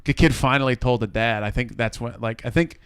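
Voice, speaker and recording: A man's voice: mid-range voice, fairly quick, fairly bright tone, clean tone, dry recording. A man co-hosting a podcast, telling a story casually and acting out quotes, with some swearing. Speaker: podcast co-host.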